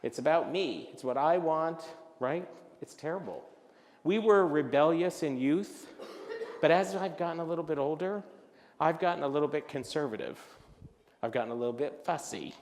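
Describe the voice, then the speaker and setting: An older man with a slightly high voice tells comic stories to a luncheon crowd, jumping into voices for the people he quotes. His words ring out with a long reverb from the hall. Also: moderate pace. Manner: animated, acts out voices of others in his stories. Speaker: luncheon speaker. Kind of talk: comic storytelling talk. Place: event hall.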